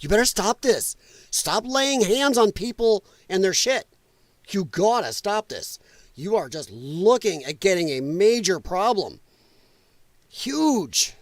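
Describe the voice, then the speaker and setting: A man's voice: high voice, big pitch swings, slow, no room sound. A man hosting a casual livestream, talking loosely and bluntly and laughing at clips. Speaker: livestream host.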